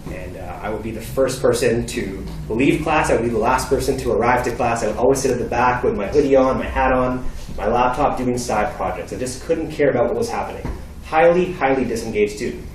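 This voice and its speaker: A young man from Canada giving a storytelling talk, acting out dialogue with lively delivery. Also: mid-range voice, a little hiss or hum. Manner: animated, acts out dialogue. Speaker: speaker. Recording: echoey hall from far off.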